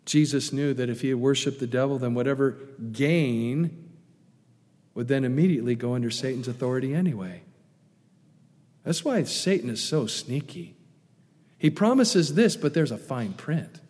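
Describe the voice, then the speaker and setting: A man preaching a sermon, lively and animated, acting out the tempter's coaxing lines with rising emphasis. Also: medium pitch, moderate pace, long reverb tail. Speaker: pastor.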